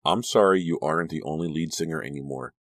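A man's voice: very deep voice, quick pace, fairly bright tone, no echo, studio quality, exaggerated voice. A man voicing a fierce, frightened teenage girl in an audiobook, with a breathless, agitated delivery. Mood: defiant.

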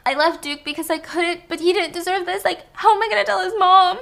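A woman voicing a hysterical young woman, shrill and tearful. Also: a little fast, creaky, pushed and bright, heavily acted. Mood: sobbing panic.

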